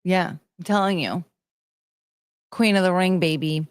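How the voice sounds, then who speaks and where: A young woman rambles through a casual live stream, chatting loosely with her viewers. Her voice sits fairly low, and the sound is dry and close with no room around it. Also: a little slow, clean tone, dry recording. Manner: rambling, chatty, greets chat viewers by name. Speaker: livestream host.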